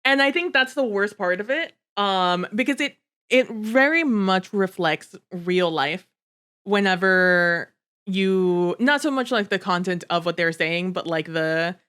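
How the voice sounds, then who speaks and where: A woman with a smooth, clear voice co-hosts a casual book podcast. She talks in an animated, chatty way, slips into the characters' voices to act out their lines, and swears without fuss. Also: mid-range voice, measured pace. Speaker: podcast co-host.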